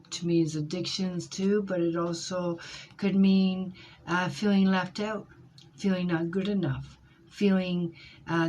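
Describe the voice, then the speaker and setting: A woman with a lowish voice gives a tarot reading at an unhurried, slow pace, feeling her way through each card. She hesitates often and fills pauses while searching for words. A faint noise sits under her voice. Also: a little mellow. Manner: hesitant, searching, many fillers; intuitive, speaks in feelings. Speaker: tarot reader.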